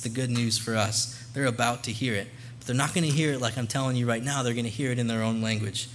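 A man's voice: mid-range voice, fairly bright tone, slight background noise. A young man speaking as a missionary guest to a church congregation, earnest and conversational, into a microphone. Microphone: handheld or stand mic.

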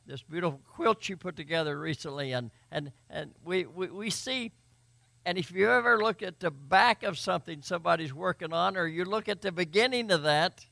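Male preacher, raised voice with a gravelly edge, forceful delivery, dry close sound. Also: high-pitched, no room sound. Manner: preaching and reading scripture aloud with emphasis. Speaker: pastor. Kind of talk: sermon.

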